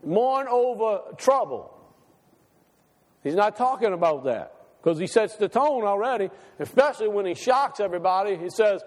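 A man's voice: high-pitched, expressive, normal speed, darkish tone, big-room sound. A male pastor preaching a sermon, asking the congregation question after question and repeating phrases for emphasis. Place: church sanctuary.

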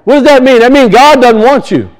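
A man preaching an impassioned sermon in a church, repeating phrases and swinging between loud emphasis and quiet. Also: very high voice, expressive, a little fast, poor audio. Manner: impassioned, repetitive, rising and falling emphasis.

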